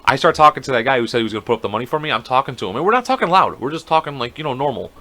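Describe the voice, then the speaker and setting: A man's voice: mid-range voice, very animated, very fast, sharp tone. A man co-hosting a podcast, telling a story in casual chat, acting out quotes and swearing freely. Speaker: podcast co-host.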